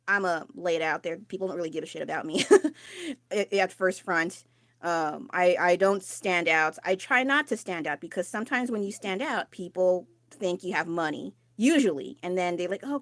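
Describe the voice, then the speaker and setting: A woman talking loudly and candidly into her phone mic during a casual live stream, rambling and swearing casually. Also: medium pitch, dry recording. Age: adult. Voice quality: loud, raised voice.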